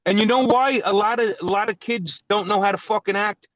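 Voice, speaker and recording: A man's voice: high voice, fairly even intonation, a little fast, a bit bright, dry recording. A middle-aged man, telling blunt, profane stories in a casual chat over a video call. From New York City. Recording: dull, dry, lo-fi video call audio.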